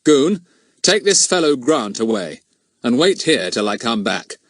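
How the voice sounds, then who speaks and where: Man reading a courteous police inspector, formal, kindly teasing, lively rises and falls, dry close sound. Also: mid-range voice, measured pace, no echo. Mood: genial. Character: genial, dignified middle-aged police inspector.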